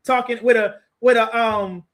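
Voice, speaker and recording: Bright, high-voiced man telling a lively story. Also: moderate pace. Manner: animated, laughing, acts out quotes. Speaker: group teacher. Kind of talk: casual storytelling chat.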